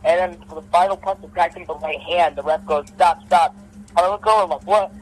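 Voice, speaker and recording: A young man with a slightly high voice recounts a fight in casual podcast talk. He tells it with animated energy, punching out "boom" after "boom" to act out his combinations. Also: fast, low-quality recording. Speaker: amateur boxer telling his story.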